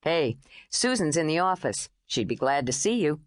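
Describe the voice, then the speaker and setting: A woman narrator voicing a kind, soft-spoken grown man who flies small planes, in an audiobook. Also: on the high side, sing-song, moderate pace, dry recording, studio quality. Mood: gentle. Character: gentle adult male pilot, kind and hopeful.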